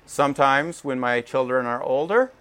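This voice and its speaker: A man preaching, conversational and lively. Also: medium pitch, moderate pace. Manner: animated, conversational, checks in with listeners. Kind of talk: sermon.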